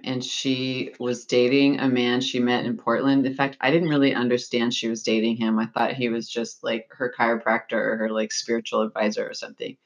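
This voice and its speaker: A middle-aged woman co-hosting a podcast, chatting casually in an animated, exclamatory way. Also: very deep voice. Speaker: podcast co-host. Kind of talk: casual chat. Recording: slightly dull, lo-fi recording.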